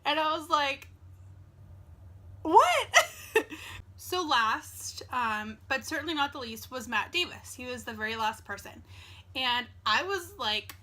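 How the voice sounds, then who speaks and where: Speaking at a normal speed, a young woman tells a story straight into the camera for a casual vlog. Her delivery is chatty and packed with "like," and she voices both people in every exchange she recounts. The voice sits a little high and carries a bright, forward edge.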